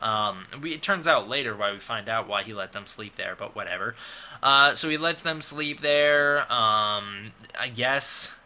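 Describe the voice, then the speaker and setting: A man's voice: on the low side, measured pace, sharp tone. A man giving a casual, rambling film review, sarcastic and full of fillers and restarts. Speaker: movie reviewer.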